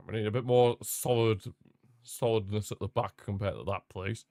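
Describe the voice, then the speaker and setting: Young guy doing casual match commentary on a live watchalong, kinda low voice, dry close sound, gets hyped then repeats himself. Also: moderate pace, no echo. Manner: chatty, excitable, repeats phrases. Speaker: watchalong host.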